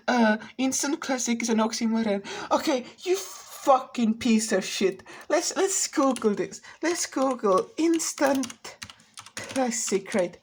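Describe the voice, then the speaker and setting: Brief: higher-pitched woman with a husky edge, rambling and profane casual rant. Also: a little mellow. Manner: rambling, profane, frequent restarts. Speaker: vlogger. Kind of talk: casual ranting commentary.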